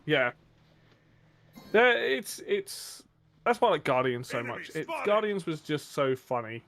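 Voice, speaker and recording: A man's voice: a little high, big pitch swings, a little slow, creaky, fairly bright tone. A man streaming a game and chatting casually, rambling with enthusiasm and casual swearing. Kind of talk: casual chat while gaming.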